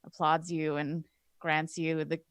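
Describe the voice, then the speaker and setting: Low-voiced woman player. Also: level tone, a little slow, clear, resonant tone. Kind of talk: casual tabletop play.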